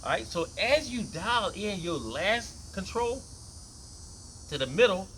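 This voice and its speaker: A man teaching bass guitar, talking loosely and repeating phrases as he demonstrates tones, with bass notes played between his lines. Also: big pitch swings, a little slow, bright, forceful tone, a little hiss or hum, low-quality recording. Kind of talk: casual instrument demonstration. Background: bass guitar playing between lines.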